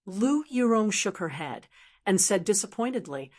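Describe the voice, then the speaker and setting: A woman narrating an audiobook with a steady, even reading. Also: mid-range voice, measured pace. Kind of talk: scripted narration.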